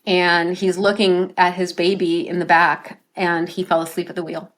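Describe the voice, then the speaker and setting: Speaking at normal speed in a lowish voice with little pitch movement, a woman life coach shares earnest stories as an interview show guest. Her points frequently end in a tag question, keeping the exchange conversational.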